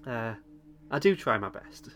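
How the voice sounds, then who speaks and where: A man's voice: medium pitch, big pitch swings, a little slow, a bit bright. A man hosting a casual podcast chat, recapping a TV episode with frequent chuckles and hesitant ums. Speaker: podcast host.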